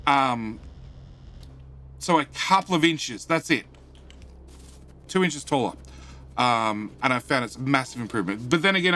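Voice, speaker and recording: A man's voice: medium pitch, bright, forceful tone, clean tone. A man live-streaming a game from his home studio, chatting casually and reading out chat messages. He rambles, swears offhandedly and fills gaps with "uh".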